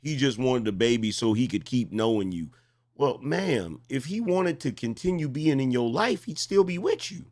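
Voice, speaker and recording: A man's voice: mid-range voice, animated, moderate pace, a little mellow. A man in his forties hosting reaction commentary, mocking and incredulous, pressing the same question again and again. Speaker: commentary host.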